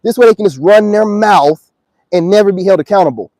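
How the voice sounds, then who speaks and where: A man's voice: high voice, fairly quick, mellow, no room sound, poor audio. A man ranting to camera outdoors in a preachy, confrontational monologue full of slang. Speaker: self-styled spiritual commentator.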